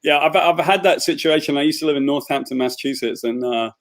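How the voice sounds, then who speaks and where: A man's voice: fairly high pitch, fast talker. A man with a British accent hosting a casual video chat, chatty and jokey with loose asides. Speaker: host.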